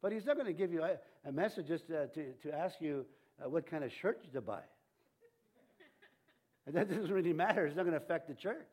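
A man preaching a sermon as pastor, in a rambling, halting way with many restarts and fillers, chuckling between points. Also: fairly high pitch, animated, darkish tone, husky.

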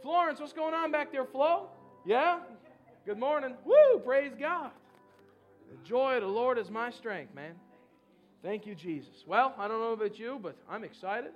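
A male pastor leading a charismatic church service, praying fervently and urging the congregation with shouts and laughter. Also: very high-pitched, expressive, moderate pace, highs cut off, soft background music.

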